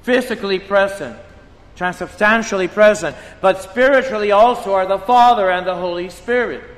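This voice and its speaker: A man preaching a sermon as a priest, slow and emphatic, acting out dramatic quotes. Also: high voice. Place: church shrine. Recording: long church reverb.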